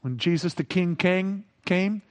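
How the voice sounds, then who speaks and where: A man preaching a sermon with expressive delivery, acting out quoted voices and rising sharply for emphasis. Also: high-pitched, unhurried, muffled recording. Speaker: pastor.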